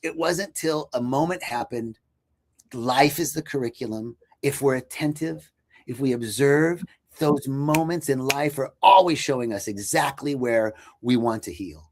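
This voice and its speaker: A man's voice: mid-range voice, unhurried. A man on a podcast telling about his spiritual path in an earnest, searching way, with many fillers and restarts. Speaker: podcast guest. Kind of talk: reflective spiritual storytelling.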